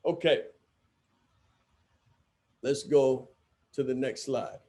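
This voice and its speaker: A man's voice: mid-range voice, very slow, mellow. A man giving a training lecture to coaches, emphatic and given to repeating his key phrases.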